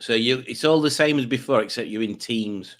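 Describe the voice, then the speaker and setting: A man's voice: medium pitch, fairly quick, fairly bright tone. A man hosting a quiz livestream in a rambling, self-mocking, jokey way. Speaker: quiz stream host. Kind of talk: casual livestream chat.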